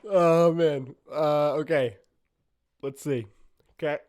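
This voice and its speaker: A man's voice: a little high, steady tone, slow, darkish tone. A man hosting a solo podcast, thinking aloud in a giggly, self-conscious way as he tries out voices. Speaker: podcast host.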